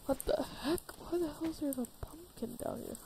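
A woman's voice: sits high, dark tone, rough recording. Woman voicing a stammering jumpy animatronic. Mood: flustered. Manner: stammering, quick outbursts and exclamations. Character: jumpy young male animatronic leader, easily flustered. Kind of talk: fan machinima voice acting.

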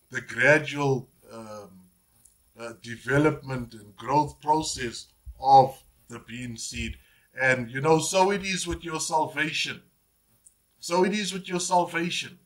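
A man's voice: medium pitch, fairly bright tone. A man, preaching a sermon as pastor, emphatic and repetitive, often saying "Praise God". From South Africa.

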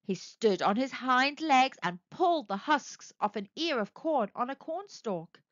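A woman narrating a children's story aloud in an expressive, sing-song way. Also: high-pitched, measured pace, no echo, lo-fi sound.

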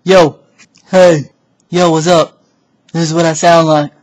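A woman voicing a deep-voiced, laid-back, slightly embarrassed guy who drawls loudly into a webcam. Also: level tone, slow pace, low-quality recording.

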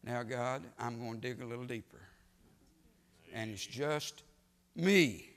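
A man preaching a sermon in a church, swinging from quiet storytelling to sudden loud, emphatic rises. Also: medium pitch, measured pace. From United States. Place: church sanctuary. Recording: long church reverb.

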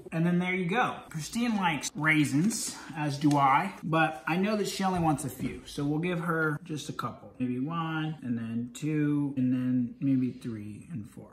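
A man's voice: on the high side, a little slow, few pauses. A man in his thirties vlogging casually, playful and jokey. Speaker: vlogger, husband. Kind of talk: casual vlog chat. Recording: echoey room with faint noise.

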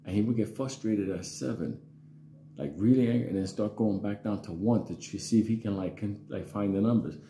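A man's voice: lowish voice, a little fast, warm tone. A man telling a childhood story in a casual, rambling, profane way with lots of fillers. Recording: roomy echo.

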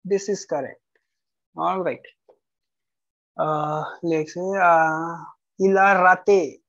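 A tutor goes through homework at a slow, unhurried pace, bluntly calling answers right or wrong and spelling words out letter by letter. The voice sits close and dry on a slightly dull, lo-fi recording. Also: mid-range voice, steady tone, a bit bright, no room sound. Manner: blunt corrections, repeats key rules, spells out letters. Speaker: French tutor. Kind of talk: correcting a student's homework aloud.

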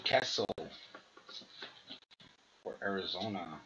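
A man opening packs of hockey cards, slowly reading out each player's name and number. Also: sits low. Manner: halting, reads names and numbers aloud. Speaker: card collector opening packs. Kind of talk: slow unboxing commentary. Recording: dull lo-fi sound with faint noise.

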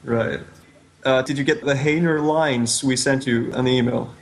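A man's voice: medium pitch, steady tone, moderate pace. A man hosting a casual interview, eager and laughing often. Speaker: interview host.

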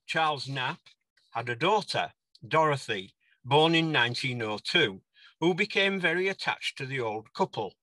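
A man's voice: a little high, bright, forceful tone, no echo. An older man giving a conference talk on folk song collecting, now and then singing short verses in a put-on country dialect. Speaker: conference speaker. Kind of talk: presentation on folk song research.

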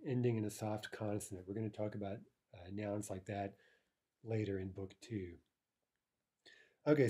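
A man gives a recorded language lesson in a relaxed, warm voice. He explains each example patiently and often pauses to ask "right?" before moving on. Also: mid-range voice, breathy edge. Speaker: language teacher.

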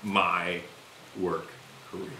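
An actor playing an excitable young man, telling a work story in a casual, slangy way in a naturalistic short film. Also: deep voice, slow, exaggerated voice. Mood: excited. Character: restless, excitable young man who misses office life. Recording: echoey room with rain noise. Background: rain.

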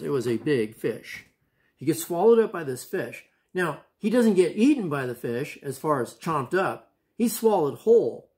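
A man with a fairly high voice teaches children a Bible lesson. His manner is casual and upbeat. He keeps checking in with quick questions to the kids.

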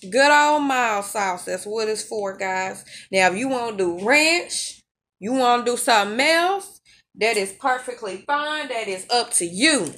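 A woman's voice: fairly high pitch, animated, a little slow, fairly bright tone. A woman hosting her own cooking channel, chatting casually as she cooks and drawling in a homey country voice.

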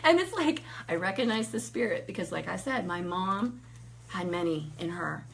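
A woman in her thirties sharing a personal faith testimony in casual conversation, animated, acting out quotes and laughing often. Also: on the low side, moderate pace, creaky, slight background noise.

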